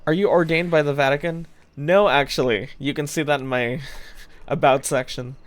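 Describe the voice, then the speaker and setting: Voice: mid-range voice, fairly even intonation, normal speed. A young adult streamer chatting casually with viewers while gaming, joking dryly and swearing now and then. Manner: chats to viewers while playing.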